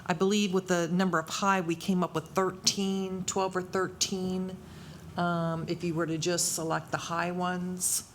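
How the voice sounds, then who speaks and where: A woman's voice: on the low side, flat delivery, unhurried, a little hiss or hum. A woman on council staff explaining amendment costs matter-of-factly at a work session. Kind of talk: meeting discussion.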